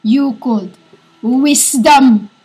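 A woman with a high voice delivers a fervent prophetic declaration at an unhurried, deliberate pace. She speaks haltingly and repeats herself, as if she were a divine voice addressing her listeners. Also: warm tone, slightly rough. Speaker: self-styled prophet.

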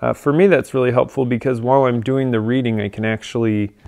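Man, casual tutorial presenter, gravelly yet smooth tone, loose filler-heavy delivery. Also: mid-range voice, quick pace. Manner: relaxed, with frequent ums and uhs.

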